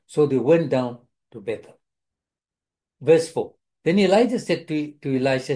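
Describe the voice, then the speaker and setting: A man's voice: fairly high pitch, moderate pace, warm tone. A male preacher giving a sermon, telling a scripture story with many restarts and repeated phrases, and voicing the quoted figures himself.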